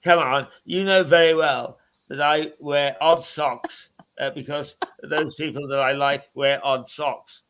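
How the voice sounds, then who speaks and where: A man presenting a radio show in a casual chat, talking haltingly with many restarts and chuckles. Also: on the high side, steady tone, fairly bright tone.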